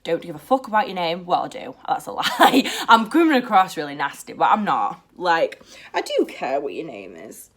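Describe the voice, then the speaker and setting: A young British woman chatting to camera in a blunt, profane and animated way. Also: fairly low pitch, moderate pace. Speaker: vlogger. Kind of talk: casual to-camera chat.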